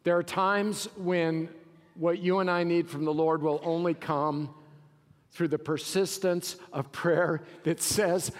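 A man preaching a sermon as pastor, swinging between shouted passages and low, quiet asides. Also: fairly even intonation, slow pace. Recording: long hall reverb.

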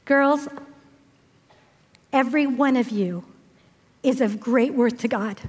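A high-voiced older woman delivers a sermon with expressive storytelling, slipping into the voices of the people in her story. Her voice rings out with a long, lingering reverb, as if filling a large hall. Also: slow pace. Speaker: speaker at a women's event.

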